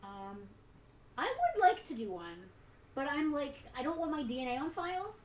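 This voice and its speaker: A woman hosting a live giveaway stream in casual chat, bubbly and quick to laugh. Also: high voice, sing-song, echoey room, a little hiss or hum, low-quality recording. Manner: bubbly, laughs often, runs the list. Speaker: host of a live collectibles giveaway.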